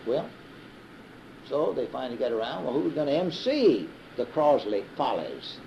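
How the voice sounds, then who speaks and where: On faintly hissy, dull-sounding reel-to-reel tape, a Southern radio broadcaster in his fifties rambles through a casual story, restarting often and saying uh a lot. He's being interviewed, and his medium-pitched voice is creaky and sing-song at a normal speed.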